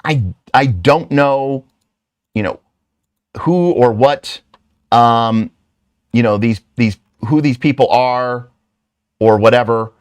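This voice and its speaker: A man's voice: medium pitch, takes it slowly, long pauses, smooth, no echo, clean studio sound. A middle-aged man hosting his own channel, talking casually and rambling through self-deprecating stories with lots of restarts and asides. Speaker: channel host.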